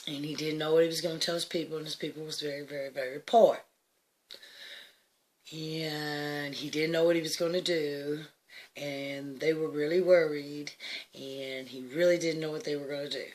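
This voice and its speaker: Older woman, lowish voice, animated storytelling, laughs between lines, hushed then loud. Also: normal speed. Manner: emphatic, laughs often, swings from hushed to loud.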